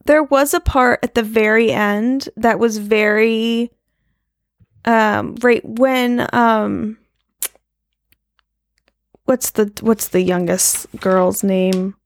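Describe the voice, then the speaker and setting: A woman's voice: fairly high pitch, steady tone, very slow, long pauses, dry recording, studio quality. A woman co-hosting a podcast in casual chat, trailing off and restarting her thoughts and laughing often. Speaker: podcast co-host.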